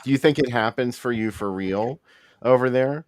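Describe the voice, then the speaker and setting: A man's voice: mid-range voice, moderate pace. A man co-hosting a show, dropping dry teasing one-liners. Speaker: co-host. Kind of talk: casual banter.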